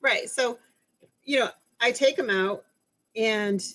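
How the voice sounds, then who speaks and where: A woman's voice: a little high, slow, a bit bright, low-quality recording. A woman who owns dogs, telling her trainer about her walks, hesitant and full of fillers. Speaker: dog owner and student. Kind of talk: casual chat.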